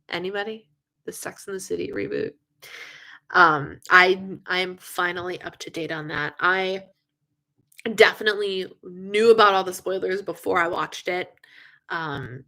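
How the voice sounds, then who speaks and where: A young woman hosting a casual live stream, chatting with viewers in an animated way, with lots of fillers and frequent yawns. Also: lowish voice. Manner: chatty, animated, yawning often, many fillers. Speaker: livestream host.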